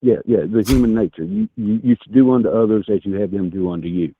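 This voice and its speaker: A man's voice: on the low side, a little hiss or hum. Hesitant man on a tinny phone line. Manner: hesitant, halting, repeats words. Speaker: caller. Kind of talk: call-in political debate.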